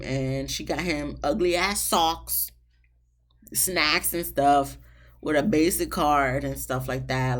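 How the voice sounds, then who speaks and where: Woman reviewer, casual recap, sassy and exasperated, lowish voice. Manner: sassy, exasperated, swings high for emphasis. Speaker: reality show reviewer.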